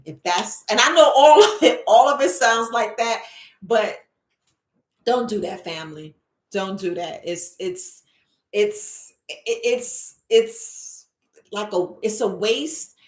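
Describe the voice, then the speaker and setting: On a casual live stream, a woman herbalist with a fairly high-pitched voice delivers a repetitive, preachy motivational talk, calling her viewers family. She speaks from a computer across the room, and the recording has a roomy echo.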